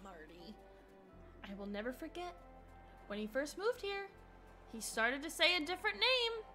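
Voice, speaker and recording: A woman's voice: very high-pitched, very animated, normal speed, over music. A woman streaming a farming game, chatting casually and giggling as she reacts to the characters. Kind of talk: casual gameplay commentary.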